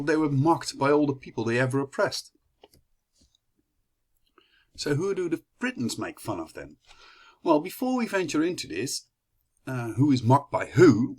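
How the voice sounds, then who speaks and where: A young man from the Netherlands with a Dutch accent, giving a chatty class presentation full of fillers and restarts. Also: mid-range voice. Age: young adult. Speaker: student presenter.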